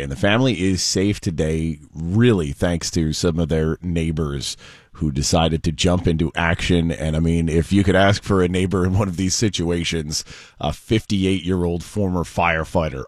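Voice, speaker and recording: A man co-hosts a radio show in a low voice and tells news stories in a brisk, casual way. His throat is a little rough. The sound is dry and close to the microphone. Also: no echo. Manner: brisk storytelling of news items. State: slightly hoarse throat. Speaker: radio co-host.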